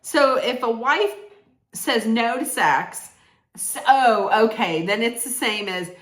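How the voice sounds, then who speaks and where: Slow, blunt woman recapping in an echoey room. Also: a little high, expressive. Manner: blunt, indignant, swears freely. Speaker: vlogger reacting to a documentary. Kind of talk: casual reaction recap. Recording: roomy echo.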